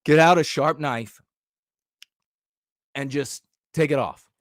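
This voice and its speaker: A man with a high-pitched voice ranting on a livestream, confrontational and profane, who often climbs into shouting. He is recorded close and dry, with no room echo. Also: takes it slowly. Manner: combative and profane, rising to shouts. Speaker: livestream host. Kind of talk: livestream rant.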